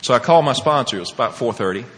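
A man sharing his personal recovery story as a speaker at a meeting, animated and laughing often, swinging between loud and hushed. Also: medium pitch, very fast, big-room sound.

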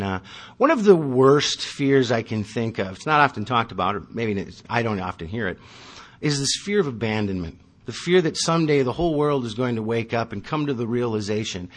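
A man's voice: medium pitch, fairly bright tone. A man in his thirties telling his recovery story at a meeting, wry and self-mocking. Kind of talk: personal testimony with self-deprecating humor.

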